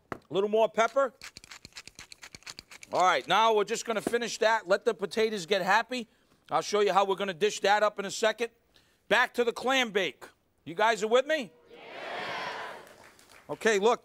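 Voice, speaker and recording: A man's voice: high-pitched, a bit bright, slight background noise. A man hosting a live cooking show in a studio kitchen, exuberant and talking straight to the audience. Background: faint studio audience.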